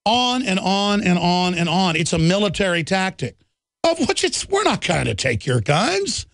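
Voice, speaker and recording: A high-pitched male talk radio host in full combative rant, hammering his points with heat. The sound is dry and close, with no room around it. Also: sing-song, moderate pace, gravelly, fairly bright tone, dry recording. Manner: heated, ranting, combative. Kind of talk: fiery political monologue.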